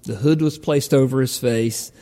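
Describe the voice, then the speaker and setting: A man preaching a sermon as a story, halting often with ums and uhs. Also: medium pitch, mellow. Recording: long hall reverb.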